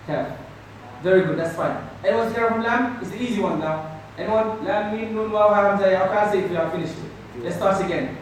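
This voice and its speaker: Teacher in an echoey classroom. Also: male voice, high-pitched. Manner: patient, drills students call and response. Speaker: Quran teacher. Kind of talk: classroom tajweed lesson. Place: classroom with students. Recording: echoey room from far off, crowd noise.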